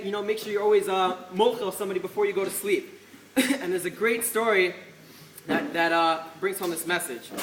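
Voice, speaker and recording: A man's voice: high-pitched, sharp tone. A young man, a yeshiva student, giving an earnest farewell speech at a study celebration, telling a story with frequent restarts and Hebrew study terms. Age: young adult. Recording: echoey hall with faint noise.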